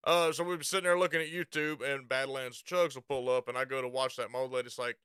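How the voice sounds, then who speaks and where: A man streaming and chatting casually, loud and profane, quick to laugh. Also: a little high, animated, clear, resonant tone, dry recording, studio quality. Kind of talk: casual chat.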